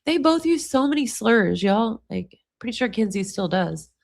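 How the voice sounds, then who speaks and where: A woman's voice: a little high, sing-song, normal speed, vocal fry, a little mellow. A woman hosting a live stream, chatting casually and speaking straight to her viewers. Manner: chatty, addresses viewers directly.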